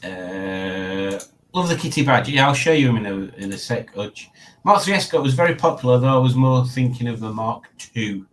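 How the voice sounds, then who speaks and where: A man's voice: mid-range voice, lively intonation, moderate pace, low-quality recording. A man talks casually on a live stream. He reads viewer comments aloud and chuckles often between remarks. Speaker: livestream host.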